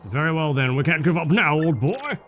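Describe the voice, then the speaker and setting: A man's voice: a little high, big pitch swings, fairly quick, crowd noise. A man voicing a pompous old male Bob-omb sailor who talks in a clipped, stuffy way. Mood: resolute. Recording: game music behind.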